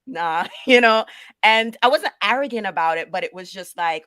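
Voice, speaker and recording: A woman's voice: mid-range voice, normal speed, clear, resonant tone, dry recording. A woman from Jamaica, a paralegal manager, telling stories of her career in an interview and acting out the voices of others. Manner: animated storyteller who acts out quoted voices. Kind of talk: conversational interview storytelling.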